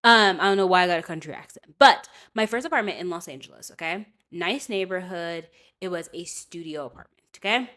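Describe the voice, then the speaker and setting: Chatty podcast host woman, lowish voice. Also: lively intonation, a little fast, fairly bright tone. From California. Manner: chatty, digressive, emphatic with frequent "okay?". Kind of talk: casual storytelling rant.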